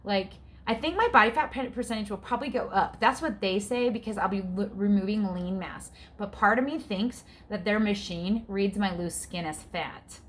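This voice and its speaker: A woman's voice: medium pitch, moderate pace, few pauses, slight background noise. A woman in her forties vlogging in a casual, frank, chatty way, her breathing often audible. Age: 40s. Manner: chatty, frank, gets exasperated. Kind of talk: casual chat.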